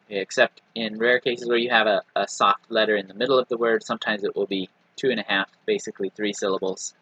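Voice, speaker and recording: A man teaching a recorded language lesson, patiently explaining and repeating example words slowly with frequent "right?" and "okay.". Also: on the low side, sharp tone, slightly rough, no echo, low-quality recording. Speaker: Hebrew teacher.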